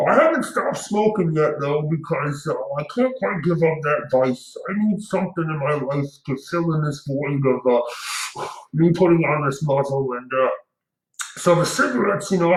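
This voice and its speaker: A fretful grown man whines through a face mask, his words muffled and mocking, as a man puts the voice on. The voice sits noticeably higher than the speaker's own. The room around him rings with echo. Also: lightly acted. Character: whiny masked everyman, grown man, fretful.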